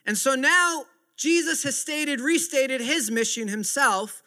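A man's voice: very high voice, expressive, takes it slowly, sharp tone. A man in his thirties preaching a sermon with earnest, repetitive emphasis. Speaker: pastor.

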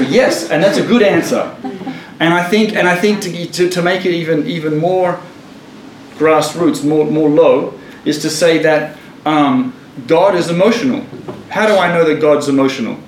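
A man's voice: a little high, moderate pace. A man leading a casual Bible study, chatty and laughing, often restarting his sentences. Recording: echoey room with faint noise.

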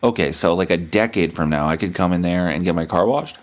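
A man's voice: low-pitched, a little fast, slight background noise. A man hosting a podcast, rambling through a profane comedic monologue and a joking phone call. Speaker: podcast host.

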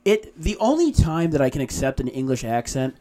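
A man's voice: medium pitch, sing-song, brisk, warm tone. A man co-hosting a podcast in casual chat, rambling with lots of fillers and some swearing. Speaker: podcast co-host.

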